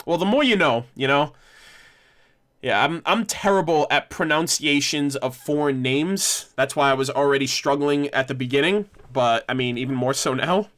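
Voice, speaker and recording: A man's voice: a little high, normal speed, a bit bright. A man hosting a casual livestream discussion, rambling and correcting himself with frequent laughs. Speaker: livestream host.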